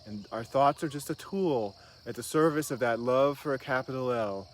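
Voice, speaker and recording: A man guiding a breathing meditation with slow, soothing instructions, often pausing with ums. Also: mid-range voice, a little hiss or hum. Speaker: meditation guide. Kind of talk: guided meditation. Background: crickets and insects outdoors.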